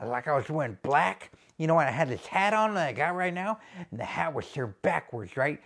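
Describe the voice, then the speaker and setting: A man's voice: a little high, sing-song, a little fast, creaky, fairly bright tone, heavily acted. A man voicing a crude, boastful male wrestler who poses as a gangster, talking with swaggering slang in a comedy sketch.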